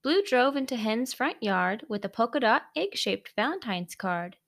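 A woman reading a rhyming picture book aloud in a sing-song, expressive way. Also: fairly high pitch, normal speed, creaky. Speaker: storybook reader.

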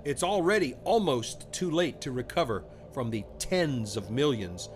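A hoarse man with a nasal voice delivers political commentary on his podcast, emphatic and indignant. His pitch rises and falls widely as he presses each point. Music plays clearly underneath. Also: lively intonation, a little slow. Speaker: podcast host. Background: background music.

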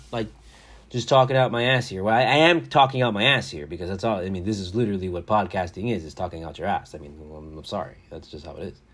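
A man hosting a casual solo podcast, rambling and joking with frequent swearing. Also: lowish voice. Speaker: podcast host.

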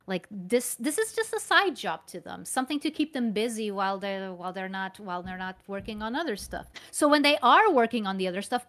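A woman's voice: on the high side, a bit bright. A woman talking casually as a guest about dubbing work, often stopping to restart and repeat her phrases. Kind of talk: casual conversation.

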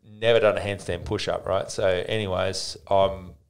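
A deep-voiced man in his forties, chatting as a podcast guest. He tells stories in a rambling, lively way, restarting his sentences often. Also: moderate pace, gravelly, clear, resonant tone. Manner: rambling, animated storyteller with frequent restarts. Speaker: podcast guest, fitness business owner. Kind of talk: casual interview storytelling.

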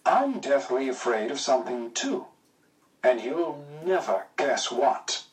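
A man voicing a cheerful young wartime pilot, brisk and teasing in his dry wit. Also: mid-range voice, sing-song, distant mic, rough recording. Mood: wry. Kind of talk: audiobook character voice.

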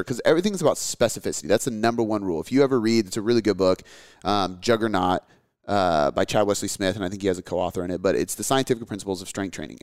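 A man's voice: fairly low pitch, a little mellow, no room sound, studio quality. A man in his thirties chatting casually as a podcast host, rambling and candid, swearing often with lots of fillers. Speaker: podcast host answering listener questions. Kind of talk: casual chat.

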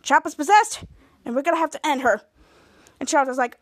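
A woman hosting a podcast, casually retelling a TV episode in a lively way and acting out the characters' lines as she goes. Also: sits high, a little fast, long pauses, no room sound, clean studio sound. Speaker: podcast host.

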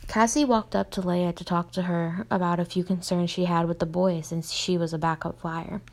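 A woman's voice: on the low side, steady tone, normal speed. A young woman reading her own story aloud, plainly, stumbling and restarting often.

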